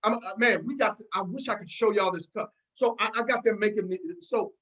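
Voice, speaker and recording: A fired-up woman leads a motivational pep talk over a video call. She repeats her points and calls out listeners one by one. Her voice sits at an ordinary pitch and comes through a computer mic. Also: fairly quick, a bit bright, rough recording. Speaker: team leader hosting a business call.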